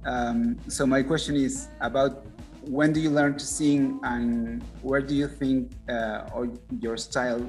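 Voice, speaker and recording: A man hosting an interview in English, which is not his first language; his first language is Spanish, and he talks haltingly with many pauses and restarts. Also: medium pitch, steady tone, faint music behind. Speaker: podcast host, interviewer. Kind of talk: casual interview conversation.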